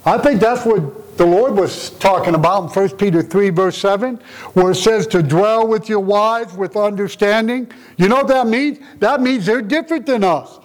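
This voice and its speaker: A man with a high voice preaches a conversational sermon at a moderate pace, captured on a low-quality recording. His delivery is earnest, emotional, and tender-hearted, and he often poses rhetorical questions.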